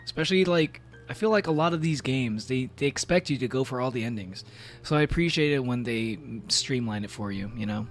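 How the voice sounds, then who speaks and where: Male VTuber streamer, mid-pitched, rambling casual game chat with frequent laughs. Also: brisk, hardly any pauses, soft background music. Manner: rambling, filler-heavy, laughs often.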